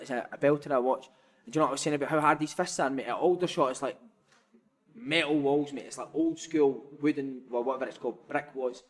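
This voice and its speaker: A man in his thirties, a former footballer, telling a rambling anecdote in casual chat, sweary and laughing, calling the listener "mate" often. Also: on the high side. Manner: animated, laughing, sweary, says "mate" a lot. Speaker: podcast guest, former footballer.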